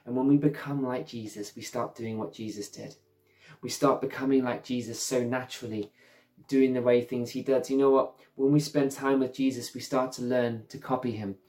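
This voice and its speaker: A man's voice: medium pitch, fairly even intonation, moderate pace, dark tone. A middle-aged man preaching an earnest, conversational sermon as a pastor, often saying "you know".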